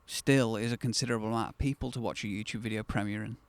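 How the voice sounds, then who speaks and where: A man's voice: fairly low pitch, fairly even intonation, very fast. A man in his thirties, the host of his own channel, telling a personal story to camera in a candid, conversational way that turns reflective and then bursts with enthusiasm.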